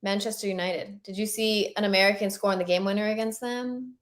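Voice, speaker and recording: A woman's voice: medium pitch, fairly even intonation, brisk. A woman co-hosting a live match watchalong, chatting casually and talking to viewers. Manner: chatty, reacts to live scores, addresses viewers. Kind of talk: casual live-stream chat.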